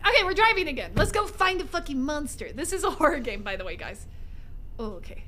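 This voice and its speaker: A woman streaming a game live from home, excitable and jokey, swearing and laughing often as she talks to chat. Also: high voice, quick pace, a little hiss or hum. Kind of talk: live gameplay commentary.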